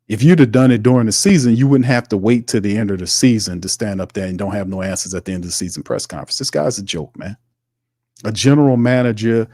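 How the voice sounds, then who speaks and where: A man's voice: fairly low pitch, a little mellow, dry recording, studio quality. A man hosting sports commentary, ranting heatedly and repeating his points. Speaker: host.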